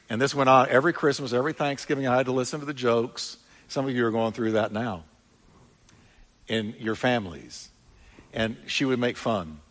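A man's voice: mid-range voice, a bit bright. A man pastor preaching a sermon, telling a story in an emphatic way.

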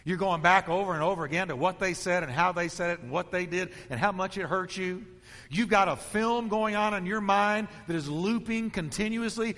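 A man's voice: high voice, sharp tone, long reverb tail. A man preaching a sermon as pastor, emphatic and rhythmic, stacking repeated phrases.

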